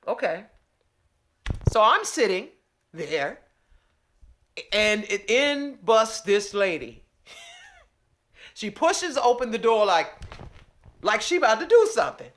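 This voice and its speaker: A woman vlogger ranting and telling a story to camera in a sassy, animated way. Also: fairly high pitch, slow pace, long pauses. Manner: animated, sassy, acts out both sides of a phone call.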